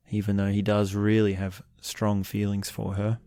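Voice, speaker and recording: A man hosting a podcast, giving a slow, reflective commentary on a book series, often pausing and restarting his sentences. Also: fairly low pitch, monotone, dark tone, no room sound, studio quality. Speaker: podcast host.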